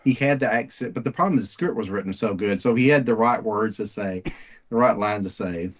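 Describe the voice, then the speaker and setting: A man's voice: on the low side, a little fast. A man, co-hosting a casual movie-review podcast and talking animatedly. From Texas. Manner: animated, jumps into quoted voices, laughs often. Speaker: podcast co-host. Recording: dull lo-fi podcast audio.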